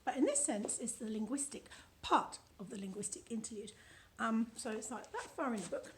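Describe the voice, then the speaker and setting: A British woman reads aloud from a book she wrote, adding playful, chatty asides as she goes. Her voice sits a little high. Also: animated, fairly quick, slight background noise. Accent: British English. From United Kingdom. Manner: chatty and playful, laughs at her own lines. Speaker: author reading from her own book. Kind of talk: casual book reading with commentary.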